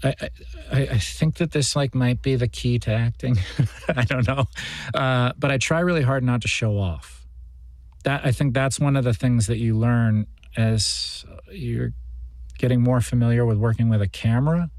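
A man's voice: mid-range voice, normal speed, a little mellow, no room sound. A man, an actor, answering interview questions in a reflective, rambling way with many fillers. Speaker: guest actor. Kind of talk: interview conversation.

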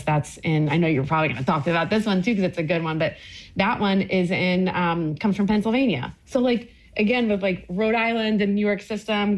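A woman talking about her cookbook in a casual interview, enthusiastic and rambling with lots of fillers. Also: on the low side. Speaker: cookbook author guest.

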